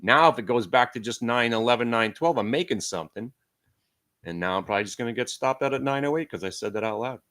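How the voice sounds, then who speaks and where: A middle-aged man giving brash, joking live commentary as host of a day trading stream, his voice rising and falling in loudness as he gets excited. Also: mid-range voice, quick pace.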